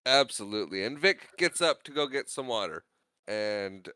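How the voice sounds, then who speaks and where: Bright, smooth-voiced man recapping a film. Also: on the low side, lively intonation, no echo. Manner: chatty, laughs often, does quick character voices while retelling scenes. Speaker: podcast co-host. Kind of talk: casual movie recap chat.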